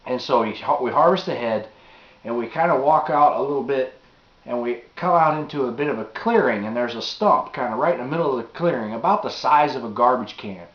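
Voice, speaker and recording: A man telling a spooky hunting story in a casual spoken way, acting out the lines and dropping to a hush at times. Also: medium pitch, brisk. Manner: animated, acts out quotes, drops to a hush. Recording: echoey dull home video.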